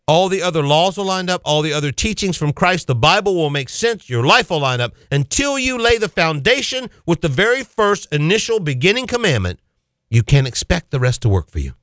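A male radio preacher delivering a sermon, swinging his pitch and emphasis suddenly. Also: a bit bright, no room sound, clean studio sound.

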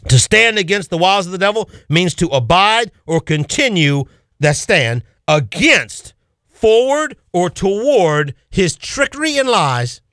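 Fired-up guy preaching, high voice that swoops all over, bright and punchy, repeats himself a lot. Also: sing-song, a little slow, dry recording, clean studio sound. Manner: fervent, exhorting, repeats key phrases. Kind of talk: radio sermon.

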